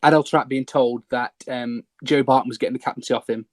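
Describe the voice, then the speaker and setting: A man hosting a casual podcast chat, hesitant with fillers and quick laughs. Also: mid-range voice, fairly even intonation, no room sound. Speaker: podcast host.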